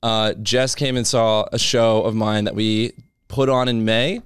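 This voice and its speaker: Smooth-voiced man chatting casually. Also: fairly low pitch, fairly even intonation, unhurried, dry recording, clean studio sound. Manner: rambling, self-interrupting storyteller. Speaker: guest, sketch comedian. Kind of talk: casual podcast chat.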